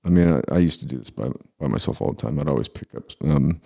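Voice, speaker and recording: A man in his forties with an extremely deep, gravelly voice tells a personal story in a casual, unhurried way. His tone is dark and mellow, and he often pauses and starts sentences over. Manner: halting, with many pauses and restarts.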